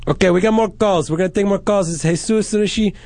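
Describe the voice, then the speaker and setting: A man's voice: high-pitched, quick pace, gravelly, darkish tone. A man hosting a radio call-in show, rambling and joking crudely with his studio crew. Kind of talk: loose profane radio banter.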